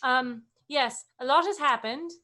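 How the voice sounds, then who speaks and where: A woman's voice: high-pitched, a little slow, bright, forceful tone. A woman player in a tabletop game who speaks earnestly and sometimes motherly in character.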